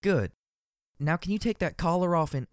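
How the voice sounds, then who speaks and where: A man voicing a small young female pegasus pony, emotional and fierce, speaking in a high, strained voice. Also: lively intonation, normal speed, dry recording, clean studio sound. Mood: hopeful. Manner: high, strained, tearful shouting.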